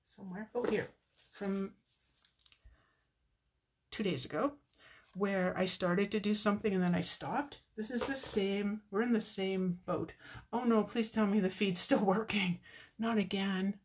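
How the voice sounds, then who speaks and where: A woman's voice: mid-range voice, steady tone, measured pace, long pauses, a little mellow, slight background noise. A middle-aged woman chatting with viewers while demonstrating card making on a live stream, with muttered asides to herself.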